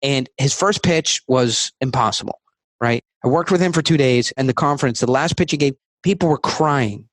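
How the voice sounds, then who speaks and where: A man talking as a guest on a podcast interview, emphatic and rapid-fire, acting out his sales talk. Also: mid-range voice, no room sound.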